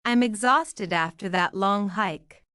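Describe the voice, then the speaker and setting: A woman's voice: medium pitch, slow, sharp tone, clear, resonant tone, dry recording, studio quality. A woman reading English example phrases in a lesson, enunciating carefully and repeating each phrase. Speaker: English teacher.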